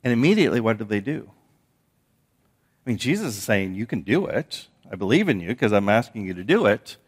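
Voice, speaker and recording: Low-voiced man preaching with restarts. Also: sing-song, brisk, breathy edge. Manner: storytelling with frequent repeated words and restarts. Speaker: pastor. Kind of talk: sermon.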